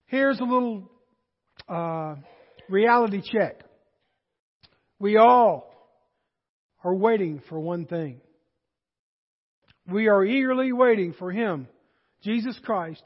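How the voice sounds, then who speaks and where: A man with a Southern American accent, preaching a sermon as pastor in a folksy way that rises to emphatic preaching. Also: high-pitched. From Southern United States. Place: church sanctuary. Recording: dull lo-fi sound in a reverberant hall.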